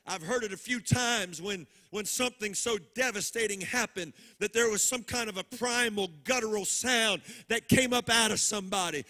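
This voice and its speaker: A male pastor preaching a live sermon with passion, rising into shouts and a sung preaching cadence. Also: extremely high pitch, expressive, normal speed.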